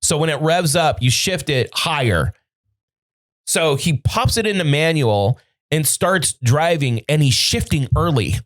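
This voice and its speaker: A man with a fairly high, lively voice spins a story in casual podcast chat, swearing freely and acting out what everyone said. His pitch leaps around as he slips into the voices of the people in his story. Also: measured pace. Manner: profane, animated storyteller acting out quoted dialogue. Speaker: podcast host. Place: podcast studio.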